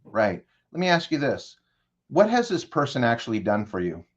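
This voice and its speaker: A man's voice: mid-range voice, big pitch swings, moderate pace, lo-fi sound. A male consultant in an interview, walking the host through an imagined scenario and checking in with direct questions. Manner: leads the listener with direct questions. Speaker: guest consultant. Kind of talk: guided storytelling in an interview.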